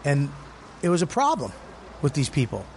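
A man, a comedian hosting a podcast, telling a story in casual, profane, animated chat from a cigar lounge. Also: a little high, normal speed, creaky, a little hiss or hum. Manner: profane, animated, acts out quoted people. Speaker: podcast host.

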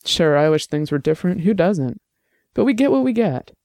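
A man's voice: high voice, normal speed, dry recording, studio quality, pitched above the performer's own voice. A man playing a patient, reassuring boyfriend. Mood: tender, reassuring. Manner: warm, steady, joking lightly.

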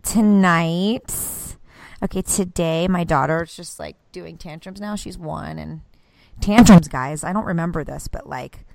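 A woman in her thirties, a mother and podcast co-host, chatting casually and telling animated stories with plenty of swearing. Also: fairly low pitch, unhurried, vocal fry, no echo. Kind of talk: casual chat.

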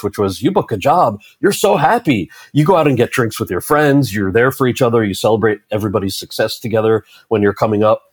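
A man's voice: on the low side, husky, dry recording. A man in his thirties, an actor telling a story in an interview, acting out the lines of the people in it. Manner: animated storyteller, acts out quoted dialogue. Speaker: actor and author, interview guest.

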